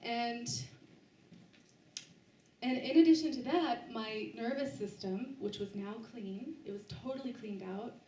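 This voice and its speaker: A woman's voice: fairly high pitch, warm tone, recorded from a distance. Woman telling her story in a roomy hall. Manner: halting, with frequent restarts and fillers. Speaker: author giving a book talk. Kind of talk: personal story told to a live audience. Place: bookstore event space, indoors.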